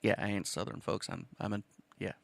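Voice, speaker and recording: A man's voice: lowish voice, little pitch movement, brisk, creaky, no echo. A man from Wisconsin hosting a cooking show alone, talking in a casual, rambling monologue that is profane and jokey, with stammers and self-mocking asides.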